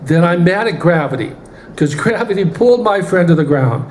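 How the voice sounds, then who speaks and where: A man's voice: high voice, expressive, normal speed, a little hiss or hum. A man voicing an innocent, earnest young girl angel who keeps asking questions. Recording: roomy church hall, faint ambience.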